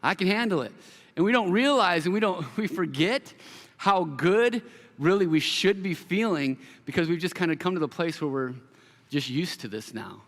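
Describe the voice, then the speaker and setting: A man preaching a sermon as pastor, telling a story with animated quoted voices. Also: high-pitched, normal speed. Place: church hall. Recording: long hall reverb.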